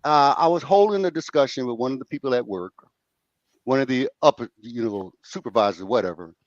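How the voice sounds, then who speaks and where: A man's voice: mid-range voice, brisk, dry recording, dull audio. A man hosting a casual talk show, telling stories, acting out quotes and swearing freely. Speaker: host. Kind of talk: casual chat and storytelling.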